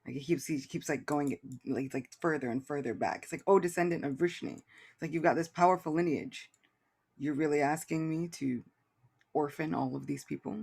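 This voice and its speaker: A man's voice: a little high, moderate pace, vocal fry, darkish tone, slightly rough. A man on a casual podcast, reading scripture aloud and explaining it in a thoughtful, rambling way with many restarts.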